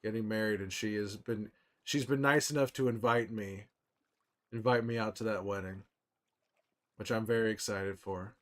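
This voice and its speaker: A man's voice: on the low side, normal speed. Chatty young man reading stream chat. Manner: relaxed, rambling, chatty, answers chat by name. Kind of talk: casual live-stream chat.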